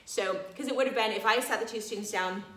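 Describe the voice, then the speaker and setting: Animated woman telling a story, echoey room. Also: mid-range voice, fast. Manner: animated, laughing, many fillers like "you know". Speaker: massage college teacher. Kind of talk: casual storytelling talk.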